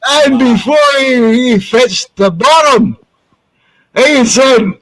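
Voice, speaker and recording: High-pitched male podcast co-host, slow, rambling, swears freely. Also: low-quality recording. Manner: rambling, profane, acts out quotes. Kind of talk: casual chat, telling a story.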